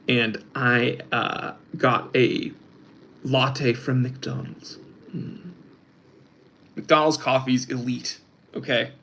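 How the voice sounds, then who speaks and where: A young man chats casually as host of a livestream. His voice sits at a middling pitch, and he rambles with plenty of fillers and restarts as he reads out chat messages. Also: creaky, a bit bright, slight background noise. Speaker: host of a watch channel, reading live chat.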